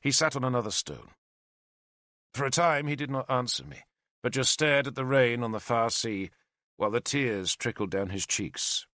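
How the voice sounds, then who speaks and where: A man's voice: mid-range voice, normal speed, bright, forceful tone, no room sound, studio quality. A man narrating a historical novel in the first person, in a lyrical, storytelling manner. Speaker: audiobook narrator.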